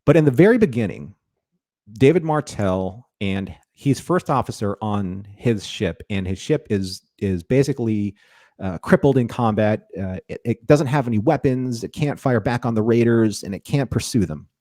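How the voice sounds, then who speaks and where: A man's voice: on the low side, lively intonation, moderate pace, warm tone, no echo, clean studio sound. A man co-hosting a casual review discussion, rambling and restarting his sentences often. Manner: rambling, repeats words, frequent restarts. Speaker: podcast co-host.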